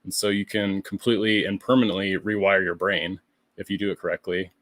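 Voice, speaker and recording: A man speaking as a podcast guest, relaxed and thoughtful, with plenty of "like" and "you know". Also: low-pitched, brisk, dry recording. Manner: relaxed, thoughtful, many fillers. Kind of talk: casual chat.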